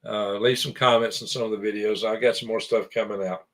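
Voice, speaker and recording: A man's voice: lowish voice, steady tone, fairly quick, fairly bright tone. A man chatting casually on a podcast about his channels, rambling and correcting himself as he goes. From American. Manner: rambling, self-correcting, chuckling. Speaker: show guest and channel host.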